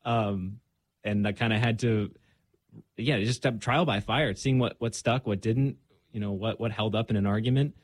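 A man's voice: fairly low pitch, fairly even intonation, normal speed, no room sound. A young man speaking as a guest in a casual conversation, earnest and reflective, with frequent fillers.

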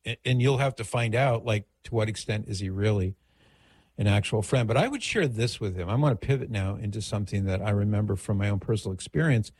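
A man's voice: lowish voice, quick pace, darkish tone, breathy edge, no echo. A middle-aged man hosting a radio call-in show, giving advice in a conversational, digressive way.

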